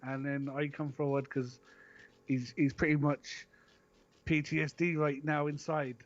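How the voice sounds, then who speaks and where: Cornish man, casual streamer; slightly high, stop-start delivery, dull low-fi sound. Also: level tone, measured pace. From Cornwall, England. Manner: hesitant, repeats words, calls others "my flower". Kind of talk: casual chat.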